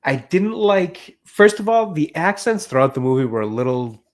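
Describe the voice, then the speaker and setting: A man's voice: on the high side, big pitch swings, normal speed. A man co-hosting a film podcast, giving his view in a hesitant, hedging way. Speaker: podcast co-host. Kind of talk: casual film review chat.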